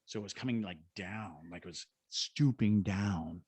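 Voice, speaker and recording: Man, middle-aged, from Georgia, storyteller, husky, lowish voice. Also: unhurried, no echo. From Georgia, United States. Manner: animated storyteller acting out quoted voices. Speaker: guest, paranormal investigator and ghost tour guide. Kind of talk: storytelling in a podcast interview.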